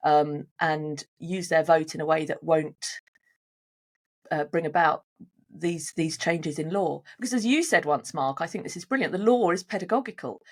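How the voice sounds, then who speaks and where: Low-voiced woman arguing earnestly. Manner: earnest, argumentative, asks rhetorical questions. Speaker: podcast co-host. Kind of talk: casual discussion.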